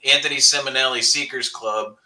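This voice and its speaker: A man's voice: mid-range voice, steady tone, brisk, sharp tone, rough recording. A man, a paranormal investigator, telling blunt, swearing stories in a casual panel chat over a video call. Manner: blunt storyteller, swears freely.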